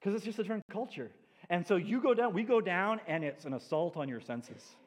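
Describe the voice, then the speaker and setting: A man preaching as a pastor, telling stories with animated asides in a church sanctuary. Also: sits high, fairly quick. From New England. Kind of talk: sermon. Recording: long church hall reverb.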